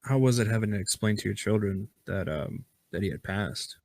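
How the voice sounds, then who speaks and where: A man hosting a podcast, asking questions in a halting, casual way. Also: lowish voice, expressive, gravelly, a little hiss or hum. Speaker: podcast host. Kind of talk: casual interview chat.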